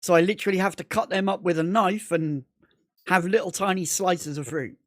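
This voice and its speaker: A man's voice: sits high, a little fast, no room sound. Bloke rambling on his game stream, swears every other word, repeats himself, dry close mic. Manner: rambling, repetitive, heavy swearing. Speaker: gaming livestreamer. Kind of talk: casual gaming livestream chat.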